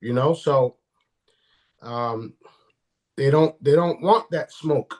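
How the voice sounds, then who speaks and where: A man's voice: medium pitch, slow pace, darkish tone. A man speaking as a guest in a casual live-stream interview, blunt and profane, often restarting his sentences.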